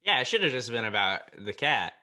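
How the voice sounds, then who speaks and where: A man's voice: medium pitch, very animated, a little fast, pushed and bright. A man hosting a comedy podcast, chatting casually and making dry jokes. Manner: dry, joking. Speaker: podcast host.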